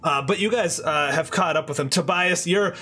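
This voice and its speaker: A man narrating a tabletop game as game master, descriptive and halting, with frequent fillers and restarts. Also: a little high, sharp tone, breathy edge, soft background music.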